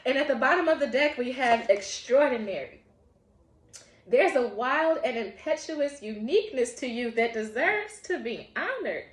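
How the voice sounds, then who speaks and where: A woman's voice: a little high, expressive, moderate pace, echoey room. A woman giving a casual spiritual tarot reading, heartfelt and encouraging, often breaking into laughter. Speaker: tarot reader.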